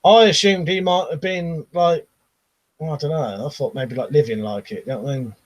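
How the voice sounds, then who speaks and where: A British man hosting a casual live stream, reading out viewer comments and chatting with a laugh, often trailing off into quiet asides. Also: on the high side, a little fast, rough recording. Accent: British English. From Britain.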